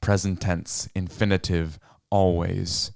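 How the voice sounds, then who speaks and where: A man's voice: low-pitched, level tone, takes it slowly, vocal fry, darkish tone, dry recording, studio quality, exaggerated voice. A man voicing a bitter young man who is angry at all of existence and talks in a cold, lecturing way. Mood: scornful.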